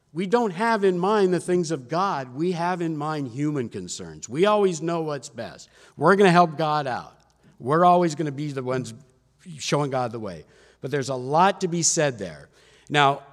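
Man preaching a sermon in a reverberant hall. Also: medium pitch. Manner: conversational, animated retelling of scripture.

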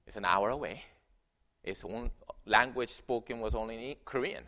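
A man preaching a sermon in a church, telling a story with animated swings between loud emphasis and quiet narration. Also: mid-range voice, moderate pace. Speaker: pastor. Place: church sanctuary.

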